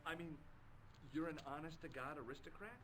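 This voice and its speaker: A man's voice: a little high, steady tone, brisk, a bit bright, a little hiss or hum, lightly acted. An actor playing a polite, earnest young American man investigating a case in a video game. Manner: polite, earnest, plain-spoken. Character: polite young American male tourist detective.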